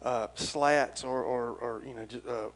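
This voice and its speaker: A man's voice: mid-range voice, fairly even intonation, unhurried, rough recording. A middle-aged man, preaching a folksy, rambling and earnest sermon as pastor.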